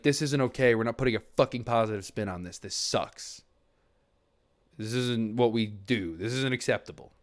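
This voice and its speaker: A young man streaming from his desk mic, talking earnestly and at length to his chat, with restarts and the odd swear word. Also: lowish voice. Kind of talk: reflective casual talk to a stream chat. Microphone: desk mic at a computer.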